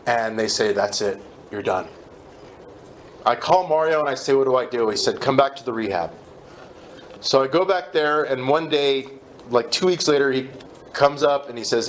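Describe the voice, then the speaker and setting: A man stands before a recovery meeting and tells his own story plainly, mocking himself and acting out what others said. His voice sits a little high for a man. A faint hiss of noise runs under the talk. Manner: candid, self-deprecating storytelling with acted-out quotes.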